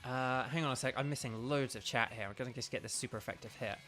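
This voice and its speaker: A man's voice: medium pitch, fast talker, fairly bright tone, soft background music. A man streaming a video game, chatting casually and rambling as he reads viewer comments aloud. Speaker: streamer and voice actor.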